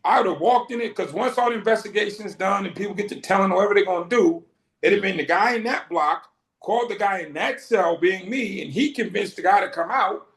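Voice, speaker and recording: A middle-aged Boston man in an interview tells his story vividly, playing out the quoted dialogue himself. His high voice is a bit bright and fairly quick, captured with a roomy echo.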